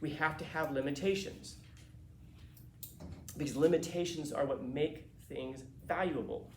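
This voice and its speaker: Guy teaching a class, kinda high voice, super casual and slangy, echoey room. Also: a little slow, slight background noise. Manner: animated, casual and slangy, acting out quotes. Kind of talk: classroom lecture.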